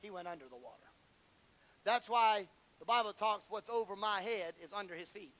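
A man preaching a sermon, swinging from shouted fervor to low, intimate asides and stumbling over repeated words when worked up. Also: expressive, moderate pace, poor audio.

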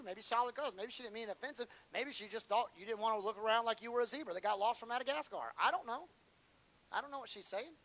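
A man's voice: very high voice, sharp tone, low-quality recording. A man preaching a sermon, acting out whiny prayers and bits of dialogue for humor.

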